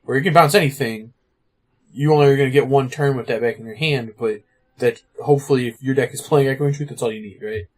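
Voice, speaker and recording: A man co-hosting a podcast, chatting casually about card game strategy, full of "like" and "you know". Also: medium pitch. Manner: fast, filler-heavy, lots of "like" and "you know". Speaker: podcast co-host.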